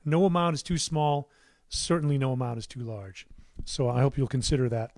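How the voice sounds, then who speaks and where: A man's voice: medium pitch, fairly quick, no echo. A middle-aged man hosting a casual livestream from his recording studio, rambling between answers with plenty of fillers and restarts. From United States. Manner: rambling, warm asides, many fillers and restarts.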